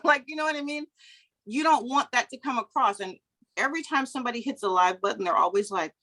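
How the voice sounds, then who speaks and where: A middle-aged woman giving a motivational coaching talk over a video call, chatty and lively. She laughs often and acts out anecdotes in quoted voices. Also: a little high, quick pace. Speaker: business coach.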